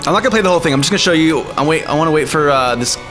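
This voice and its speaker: A man's voice: a little high, animated, racing. A man streaming live and chatting casually, laughing often and calling people man and dude. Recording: faint music behind.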